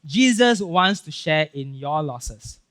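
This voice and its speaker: Man, Singaporean English accent, high voice, animated casual sermon, lots of "right?" and "okay?". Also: slow pace. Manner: animated, acts out Bible scenes with voices; casual filler-heavy talk with frequent "right?" and "okay?". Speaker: pastor.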